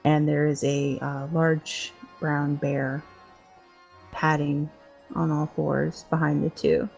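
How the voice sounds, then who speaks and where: A woman's voice: low voice, level tone, slow pace, vocal fry, a little mellow, faint music behind. A woman narrating as dungeon master in a laid-back, easygoing way, with frequent filler words and laughter. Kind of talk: narrating a tabletop game.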